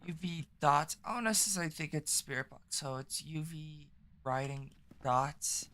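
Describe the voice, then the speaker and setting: A woman chats casually with her live-stream audience while she plays, her voice stuffy and congested from a rough morning. Her tone stays bright, and she talks in a low-key way, in loose phrases that trail off. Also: moderate pace. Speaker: game streamer.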